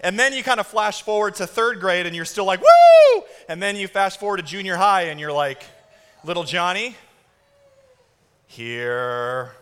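A man in his thirties preaching a sermon to a congregation, telling stories with lively energy and shouted impressions. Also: high-pitched, quick pace, few pauses, clear, resonant tone. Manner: animated storytelling with shouted kid impressions. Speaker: pastor. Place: church auditorium. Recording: long reverb of a large hall.

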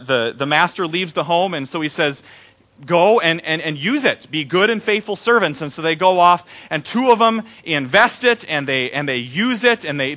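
A pastor giving a sermon, telling stories in a conversational, animated way. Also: male voice, a little high.

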